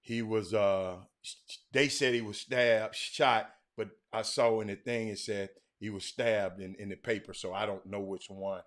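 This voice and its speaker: Bright-voiced man hosting a livestream. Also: fairly low pitch, steady tone, measured pace. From Houston, Texas. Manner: chatty, talks to viewers by name, frequent restarts. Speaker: livestream host. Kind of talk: casual livestream chat reading viewer comments.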